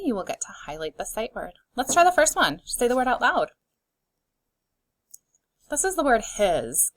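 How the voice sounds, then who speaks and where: A woman teaching a phonics lesson to young children, sounding out words slowly and clearly and encouraging them. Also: mid-range voice, a bit bright, no room sound.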